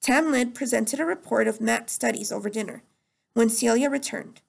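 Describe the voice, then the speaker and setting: Woman reading a novel aloud, gravelly voice. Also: fairly high pitch, normal speed. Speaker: teacher.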